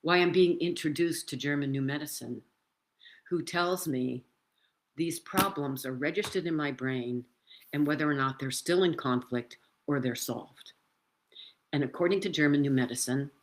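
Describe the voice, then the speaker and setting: A woman in her seventies sharing her own story in casual talk, animated and emphatic, talking with her hands, into a computer mic indoors. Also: rumbling low. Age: 70s.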